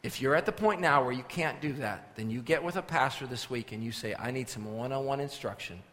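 A man preaching a sermon as pastor, swinging between quiet, firm instruction and loud, forceful scripture reading. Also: mid-range voice, animated, brisk. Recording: long reverb of a large hall.

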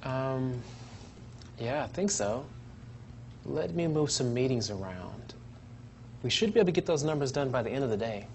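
A man's voice: medium pitch, expressive, moderate pace, pauses often, slight background noise, natural voice. An actor playing a hesitant, apologetic male coworker in a training video.

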